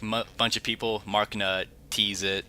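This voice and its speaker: A man with a very low voice and a sharp, bright edge talks haltingly, often trailing off and starting over. He speaks over a home voice call with a faint hiss behind him. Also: little pitch movement. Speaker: podcast co-host and editor. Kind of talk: casual chat.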